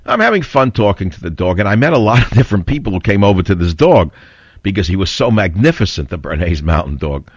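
Blunt older radio host, low voice. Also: male voice, expressive, fast talker, no room sound. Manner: blunt, combative, rambling storyteller. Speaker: radio talk show host. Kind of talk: opinionated talk radio monologue. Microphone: studio mic. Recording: dull, slightly lo-fi radio audio.

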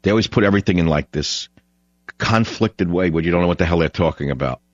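A man's voice: deep voice, fast talker, no echo, highs cut off. A man hosting a radio talk show, delivering a blunt, opinionated, rambling monologue.

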